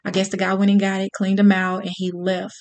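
A woman telling a personal story to an audience in a candid, profane, animated way. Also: medium pitch, a little fast.

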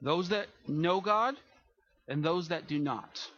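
A man's voice: fairly high pitch, takes it slowly, fairly bright tone, highs cut off. A man preaching a sermon as pastor, earnest, often restarting and repeating words, rising for emphasis.

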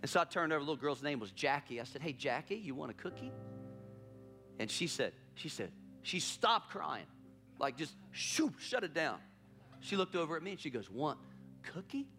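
A man's voice: a little high, very animated, fairly quick, pushed and bright, soft background music. A man preaching a sermon as pastor, telling a story with emphatic repetition.

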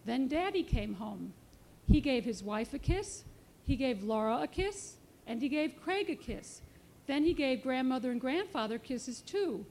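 A woman children's author reading her picture book aloud in a clear, expressive storybook manner. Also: high-pitched, measured pace, a little hiss or hum.

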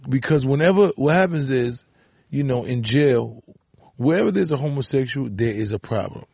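A man's voice: medium pitch, expressive, moderate pace, creaky, darkish tone, slightly rough, no echo. Laid-back New man, dry mic. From the Bronx, New York. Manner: laid-back, street-slang storytelling. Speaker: guest, rapper. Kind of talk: casual interview chat.

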